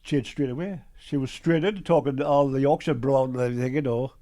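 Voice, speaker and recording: An older man with a Geordie accent, a guest on an interview show, telling his story in a lively way and acting out old conversations. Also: mid-range voice, fast. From Newcastle, England.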